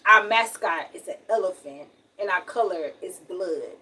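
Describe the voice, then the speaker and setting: A woman's voice: fairly low pitch, expressive, normal speed, bright, forceful tone, distant mic, slight background noise, rough recording. A young woman with a Southern US accent, from Alabama, talking frankly and at length in a casual livestream. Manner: frank, rambling, emphatic.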